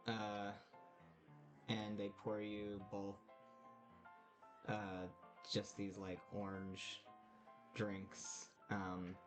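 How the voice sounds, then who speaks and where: A man's voice: on the low side, completely flat delivery, drawn-out words, long pauses. A man narrating a tabletop game as game master, casually and with many hesitant fillers. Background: music.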